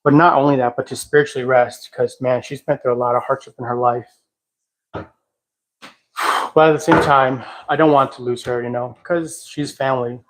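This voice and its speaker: A man hosting a casual livestream at home, talking in a reflective, halting way and sometimes singing softly. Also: medium pitch, fairly even intonation, low-quality recording. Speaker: livestream host. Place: at home, cleaning a house.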